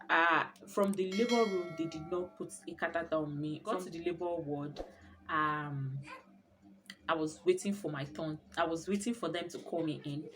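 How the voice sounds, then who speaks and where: A young woman telling her birth story in a casual vlog, expressive and often laughing as she talks. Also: lowish voice, a little hiss or hum.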